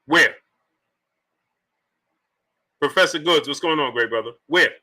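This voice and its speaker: A man's voice: fairly high pitch, unhurried, pushed and bright. A man hosting a boxing talk live stream, reading out super chats and firing repeated rhetorical questions at the chat. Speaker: boxing talk show host.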